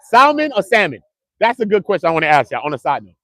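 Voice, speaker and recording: Animated, fast-talking young man livestreaming. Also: fairly high pitch, creaky. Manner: animated, slangy, joking banter with viewers. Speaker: livestream host. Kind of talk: casual livestream chat. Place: outdoors outside a courthouse.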